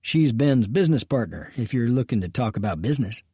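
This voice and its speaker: A man's voice: medium pitch, sing-song, brisk, dark tone, slightly rough, dry recording, studio quality. A man voicing a cheerful, chatty male bartender with folksy speech in an audiobook western.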